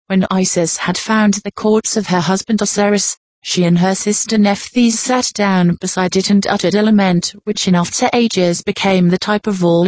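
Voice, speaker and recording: A woman reading an old nonfiction text aloud in a measured, formal narration. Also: medium pitch, no echo. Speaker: audiobook reader.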